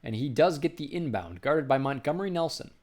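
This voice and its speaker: A man doing basketball play-by-play commentary, briskly calling each pass and lifting his voice on big shots. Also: fairly high pitch, lively intonation, a little mellow.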